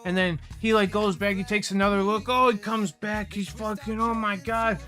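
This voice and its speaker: A man hosting a casual livestream, telling rambling, profane stories about dispensary customers with lively retellings. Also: sits high, normal speed, faint music behind. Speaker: livestream host. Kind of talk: casual storytelling chat.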